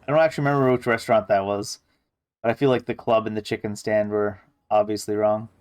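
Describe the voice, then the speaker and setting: A man's voice: lowish voice, fairly even intonation, fast talker, a little mellow, smooth. A man streaming a video game and making wry, offhand asides between the dialogue. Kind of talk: casual gaming commentary.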